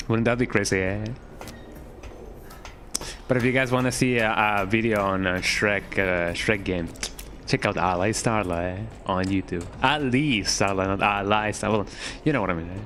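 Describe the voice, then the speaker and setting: A man's voice: sits low, steady tone, moderate pace, a bit bright, slight background noise. A man streaming a horror game, chatting to his viewers in a rambling, jokey way and often ending his lines with "eh". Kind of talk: casual gameplay chat.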